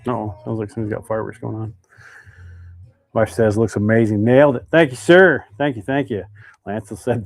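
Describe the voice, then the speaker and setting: Guy chatting on a live stream while making fishing lures, reads comments out loud. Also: on the low side, steady tone, brisk, gravelly, dry recording, clean studio sound. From Idaho, United States. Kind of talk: casual live stream chat.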